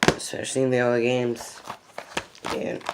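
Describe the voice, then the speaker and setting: A gaming video host giving casual game recommendations, rambling and excitable, often losing the thread mid-sentence and restarting. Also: mid-range voice, normal speed, background noise. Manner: rambling and excitable, repeats "freaking epic".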